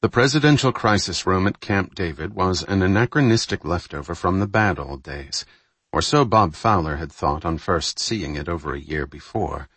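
A man reading a thriller novel aloud in measured, scripted audiobook narration. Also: low voice, expressive, a bit bright, breathy edge, no room sound.

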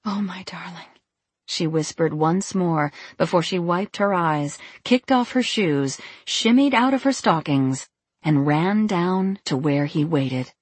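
A woman tells a story at an unhurried pace, with a voice that rises and falls a lot. Her tone is slightly low and husky, captured close and dry. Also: dry recording. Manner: slow, expressive reading. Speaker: audiobook narrator. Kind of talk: scripted storybook narration.

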